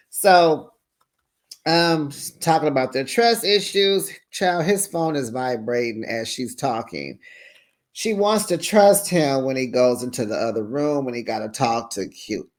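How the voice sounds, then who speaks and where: Sassy, chatty Bay recap host. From San Francisco Bay Area. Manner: chatty and sassy, with big pitch jumps. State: tired. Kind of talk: casual recap commentary.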